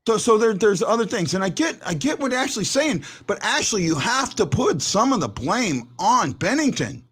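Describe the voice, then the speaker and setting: A man hosts a casual sports talk show, his voice high and very lively. He talks in an animated way, often repeating a word a few times before he lands his point. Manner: animated, repeats words when starting a point. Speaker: host.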